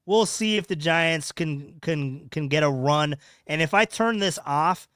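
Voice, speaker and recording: A man's voice: fairly high pitch, a little slow, fairly bright tone, clean tone, no echo, studio quality. A man hosting a live podcast, rambling casually and repeating his words as he chats with viewers. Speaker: podcast host. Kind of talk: casual live-stream chat.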